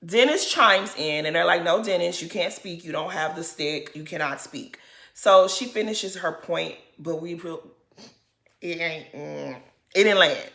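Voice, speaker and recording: A woman's voice: lowish voice, unhurried, creaky, fairly bright tone. Blunt woman recapping, echoey room. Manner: blunt, opinionated, acts out quotes of the cast. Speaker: reality show recap commentator. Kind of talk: casual recap commentary.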